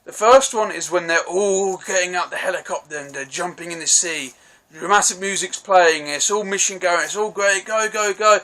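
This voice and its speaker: A man's voice: high voice, moderate pace, few pauses, bright, forceful tone. A man giving a casual, rambling film review, swearing freely and restarting his sentences.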